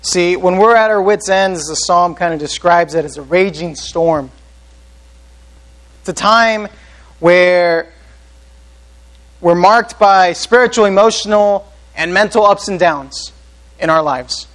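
A man's voice: high voice, takes it slowly, long pauses, fairly bright tone, rough recording. A man preaching a sermon as pastor, earnest, often putting questions to the congregation.

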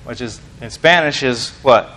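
A man's voice: mid-range voice, moderate pace, bright, forceful tone. An American man giving an informal sermon to a small congregation, rambling and self-deprecating, full of fillers and restarts. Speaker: lay preacher.

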